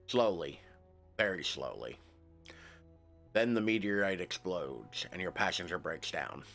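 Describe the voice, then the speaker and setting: Male streamer, lowish voice with lots of melody, reads game text and jokes along, soft game music underneath. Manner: casual, wry asides between narration. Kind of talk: reading a narrative game aloud with commentary.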